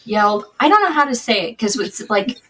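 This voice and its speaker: A woman speaks as a guest on a podcast interview, recounting her own story in a candid, conversational way. She often restarts mid-sentence, and her middle-pitched voice sounds a little distant from the microphone. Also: lively intonation, fairly quick, a bit bright.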